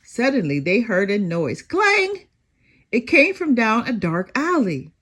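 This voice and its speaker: An older woman reading a children's picture book aloud as a storyteller, with expressive, animated delivery. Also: medium pitch, moderate pace.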